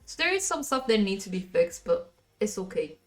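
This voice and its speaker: Woman streamer, relaxed rambling live chat, middle pitch, soft music underneath. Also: moderate pace. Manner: rambling, chatty, answers chat.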